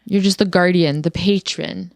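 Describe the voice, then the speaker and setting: Smooth-voiced relaxed young woman podcaster. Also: on the low side, moderate pace, dry recording, clean studio sound. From New York. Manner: relaxed, easygoing, short agreeing replies. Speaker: podcast co-host. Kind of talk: casual chat.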